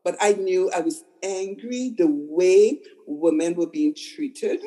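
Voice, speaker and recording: A woman's voice: on the low side, slow pace, mellow, poor audio. An older woman, a psychotherapist, talking conversationally and repeating words for emphasis. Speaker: psychotherapist guest. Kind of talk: conversational storytelling.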